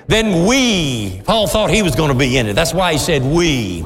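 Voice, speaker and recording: A man preaching a sermon as pastor, impassioned and rising to shouts. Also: a little high, big pitch swings, normal speed, hardly any pauses, long reverb tail.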